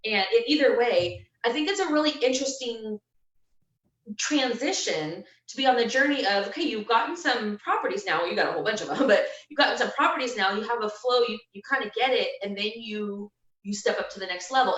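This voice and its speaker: A woman's voice: fairly high pitch, lively intonation, brisk, a bit bright. A woman interviewing a guest in a chatty, casual way, steering the conversation. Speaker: interviewer and trainer. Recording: echoey, distant, dull sound.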